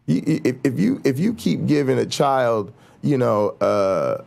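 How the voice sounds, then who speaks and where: A man's voice: medium pitch, lively intonation, measured pace, creaky, few pauses, a little mellow. A man hosting his own talk show, ranting in a heated, repetitive way, restarting sentences and acting out mock quotes. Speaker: show host.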